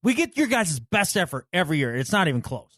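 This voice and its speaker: A man co-hosting a casual sports podcast, with lively, teasing banter. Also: on the high side, fast talker, no echo, studio quality. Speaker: podcast co-host.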